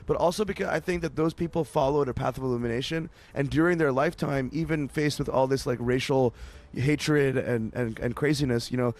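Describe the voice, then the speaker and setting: A man's voice: medium pitch, a little fast, darkish tone. A man from Canada, a musician interview guest, telling stories in a rambling way with many restarts. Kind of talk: casual interview chat.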